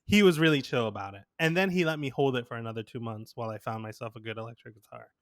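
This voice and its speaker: A man's voice: mid-range voice, racing, no room sound, studio quality. A young man co-hosting a podcast, chatting casually and telling a story with lots of laughter and quoted dialogue. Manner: animated storyteller, laughs often, quotes people. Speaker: podcast co-host. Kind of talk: casual chat.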